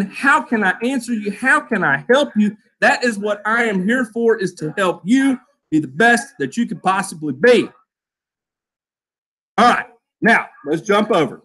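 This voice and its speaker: A man hosting a live lawn care show, reading out chat names with loud, playful shout-outs. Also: sits high. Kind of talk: live stream chat roll call.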